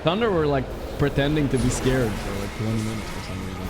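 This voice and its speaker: Over loud background music, a young man with a Swedish accent talks fast and expressively at a medium pitch while casually commentating on his stream. His speech is full of swearing and slang, and he keeps joking about himself.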